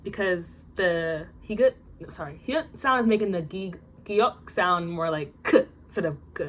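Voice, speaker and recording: A young woman reading out study notes in a casual vlog, chatty and self-deprecating, her asides trailing off into quiet mumbles. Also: lowish voice, normal speed, slight background noise. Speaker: language learner vlogger.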